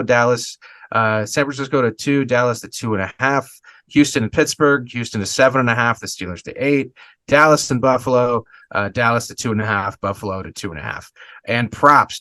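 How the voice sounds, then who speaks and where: A man's voice: medium pitch, bright, forceful tone, no room sound. A man co-hosting a comedy sports betting podcast, rattling off picks in a loose, rambling way with plenty of fillers. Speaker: podcast co-host. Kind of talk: casual sports betting chat.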